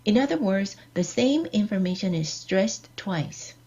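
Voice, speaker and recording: A woman giving a scripted online lecture, reading out example sentences in a measured, deliberate way. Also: medium pitch, animated, darkish tone, slightly rough. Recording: dull lo-fi recording.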